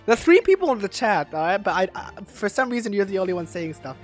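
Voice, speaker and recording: A woman streaming a game live, excitable and panicky, stammering and repeating herself as she reacts. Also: mid-range voice, a little fast, hardly any pauses, faint music behind.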